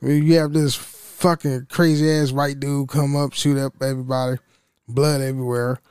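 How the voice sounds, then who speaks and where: A man's voice: medium pitch, level tone, moderate pace, darkish tone, smooth, dry recording. A man hosting a casual solo podcast, rambling and profane, stammering and laughing between thoughts into a close mic. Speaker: podcast host.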